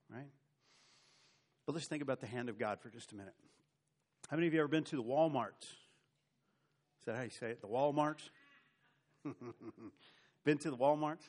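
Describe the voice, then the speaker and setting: Preaching with lively shifts in volume and a few jokes on the side, this middle-aged pastor speaks at medium pitch and normal speed. He also lets long pauses hang.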